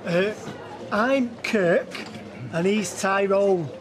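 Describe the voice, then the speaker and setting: Brief: a teasing young lad, high voice, noisy crowd behind. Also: male voice, drawn-out words. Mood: cheeky. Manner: teasing banter. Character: cheeky young local lad, chatty. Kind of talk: TV soap drama acting.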